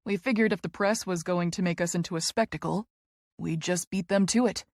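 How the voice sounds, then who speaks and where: Woman doing a relaxed, smirking man in a storybook; keep it dry and close. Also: fairly low pitch, brisk, no echo, natural voice. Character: calm, teasing adult man, the heroine's lover.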